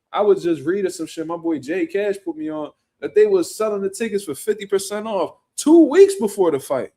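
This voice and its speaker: An animated man reacts to boxing news in casual commentary. His voice sits a bit above the usual male range. His talk is blunt, slangy and full of swearing as he rants. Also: on the high side. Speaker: boxing commentary show host.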